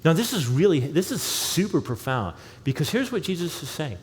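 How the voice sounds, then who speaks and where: Preaching in a church sanctuary, a man with a higher voice delivers a very animated sermon at a moderate pace, performing the quoted lines as he tells the story. Long hall reverb, faint ambience, and slight hiss or hum fill the recording.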